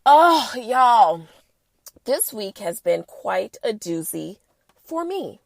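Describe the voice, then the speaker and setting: A woman hosting a casual podcast, sassy and animated, talking while she has a cold. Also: fairly high pitch, takes it slowly, vocal fry, dry recording. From the Bronx. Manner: sassy, animated, playful asides. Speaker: podcast host. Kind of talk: casual chat.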